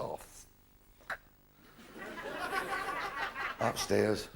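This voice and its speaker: A man's voice: a little high, big pitch swings, a little fast, gravelly, noisy background. An older man doing stand-up comedy, blunt and full of swearing, acting out the voices in his jokes. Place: theatre stage before a live audience.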